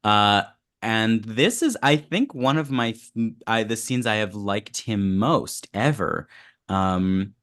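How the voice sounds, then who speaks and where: A man's voice: fairly low pitch, animated, slow, fairly bright tone. A man chatting on a podcast, thoughtful and wry, often laughing as he talks. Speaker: podcast co-host. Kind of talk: casual chat.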